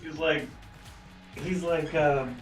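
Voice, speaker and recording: A man's voice: on the high side, fairly even intonation, slow, reverberant, music in the background. A man chatting casually with a friend during a let's play, laid-back and joking in short remarks.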